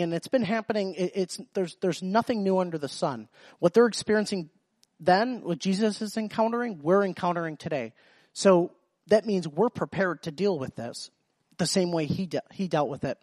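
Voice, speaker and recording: A man's voice: sits high, darkish tone, no room sound. A man preaching a sermon, restarting phrases often and quoting scripture with emphasis. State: slight cough.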